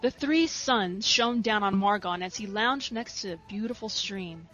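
A woman reading a story aloud in a soft, steady narration. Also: mid-range voice, measured pace, dull audio, soft background music. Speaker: reader.

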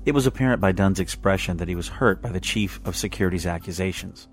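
A man's voice: sits low, fast, faint music behind. A man narrating a science fiction story aloud. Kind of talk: reading fan fiction aloud.

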